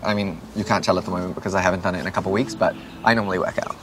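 A young man in his twenties from Australia rattles off answers to interview questions at rapid-fire speed in a low voice. He sits outdoors at a home, relaxed, playful and self-deprecating, with a noisy background.

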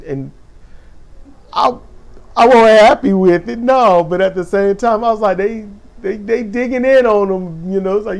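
A man with a gravelly voice giving a casual, animated spoken recap of a show, acting out quotes with sudden high exclamations. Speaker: wrestling show recap host.

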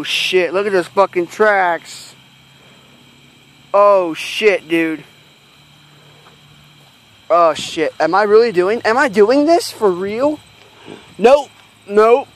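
Frightened, swearing man outdoors. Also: high-pitched. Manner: heavy swearing, nervous self-talk. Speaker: vlogger filming himself. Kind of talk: handheld night-walk vlog. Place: outdoors in rural fields at night.

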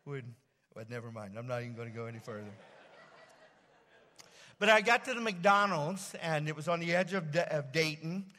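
A man preaching a sermon as pastor, telling a personal story in a halting, rambling way full of fillers and restarts. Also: on the high side, expressive, sharp tone. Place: church sanctuary. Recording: long church hall reverb.

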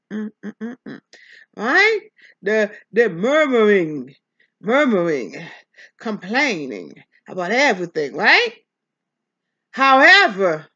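Animated woman pastor, bright voice. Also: medium pitch, husky, highs cut off. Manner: animated preaching, talks back to the text. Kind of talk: Bible reading and teaching.

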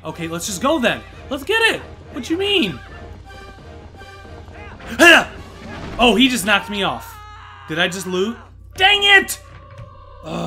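An excitable man commentates his own gameplay, his high voice swooping all over the place. He is bright and forceful, bursting into yelps and groans. Faint game music plays underneath. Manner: excitable, loud exclamations and groans. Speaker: let's play host.

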